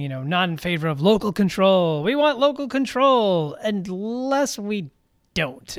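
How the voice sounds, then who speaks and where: Man, high voice, sarcastic co-host, casual political talk, smooth and clear. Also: no room sound, clean studio sound. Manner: sarcastic, wry jokes. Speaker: radio talk show co-host.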